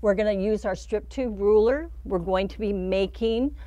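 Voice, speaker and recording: A middle-aged woman leads a relaxed quilting demonstration with an even, mid-range voice. She talks through each cut and seam in a chatty way. When a step goes wrong she laughs it off. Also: mid-range voice, moderate pace, dry recording, lo-fi sound. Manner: chatty, laughs at her own slips. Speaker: quilting instructor. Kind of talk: casual hands-on demonstration.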